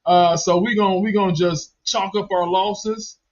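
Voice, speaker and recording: A man's voice: high-pitched, fairly even intonation, a little slow, a little mellow. A man talking in laid-back casual chat among friends. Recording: dull lo-fi recording.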